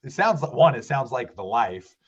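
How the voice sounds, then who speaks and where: A man guest on a fishing podcast, telling a story in a lively, casual way and acting out what people said. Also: medium pitch, moderate pace, husky, highs cut off. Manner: animated, acts out quoted voices.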